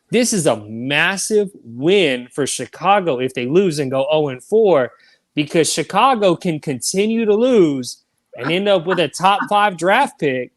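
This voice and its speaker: Emphatic man debating football. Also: sits high. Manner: emphatic, repeats points for stress. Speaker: sports podcast co-host. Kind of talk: casual sports debate.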